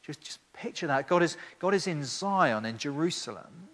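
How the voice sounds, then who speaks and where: A man's voice: a little high, lively intonation, moderate pace, fairly bright tone. A man preaching a sermon with emphatic rhetorical questions and frequent restarts. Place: church hall. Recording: long church reverb.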